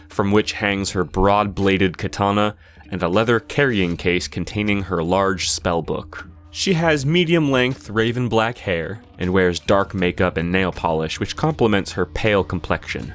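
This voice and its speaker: A man narrating as game master of a tabletop fantasy game, describing scenes in a relaxed, storytelling way. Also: lowish voice.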